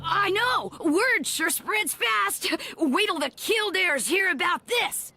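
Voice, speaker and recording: A brash cartoon boy bird full of wisecracks. His voice sits very high and swings about lively. He talks like a cocky little leader. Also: creaky, over music, heavily acted. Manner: brash, joking, quick comebacks. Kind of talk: cartoon voice acting.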